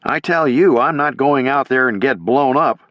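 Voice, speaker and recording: A man's voice: mid-range voice, moderate pace, dry recording, pitched above the performer's own voice, close to an everyday voice. A man voicing a frightened young soldier who refuses an order, in audiobook narration. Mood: defiant. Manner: protesting, defiant. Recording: dull lo-fi.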